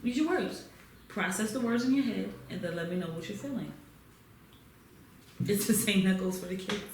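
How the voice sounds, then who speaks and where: A woman's voice: mid-range voice, moderate pace. A woman with a mid-range voice co-hosts a casual podcast chat, blunt and full of slang. Her voice sits in a roomy space with faint background noise. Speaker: podcast co-host.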